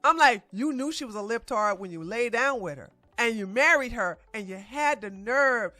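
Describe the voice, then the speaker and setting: A woman's voice: on the high side, lively intonation, normal speed, bright, forceful tone, dry recording. A woman hosting her own channel, giving blunt, emphatic and scolding celebrity commentary.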